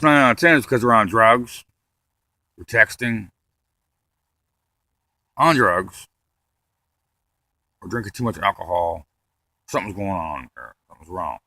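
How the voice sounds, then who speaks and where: Stand-up comedian, man, rambling deadpan delivery with plenty of cursing, bright tone. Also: deep voice, no room sound.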